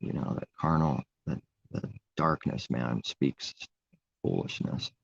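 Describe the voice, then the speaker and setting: A man's voice: very deep voice, lively intonation, slow, creaky, breathy edge, no room sound, dull audio. A man giving an informal, rambling sermon in a conversational way. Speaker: preacher. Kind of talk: informal live-stream sermon.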